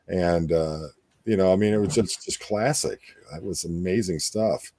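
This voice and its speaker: Host, male, very low voice, dry close sound, loose rambling chat. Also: moderate pace, dark tone, dry recording. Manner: rambling, with many fillers and restarts. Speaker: podcast host. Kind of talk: casual chat.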